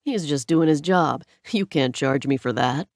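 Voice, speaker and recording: Brief: woman reading a smug, charming rich guy, low-pitched teasing tone. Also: a little slow, no room sound, clean studio sound. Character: charming wealthy teasing young man.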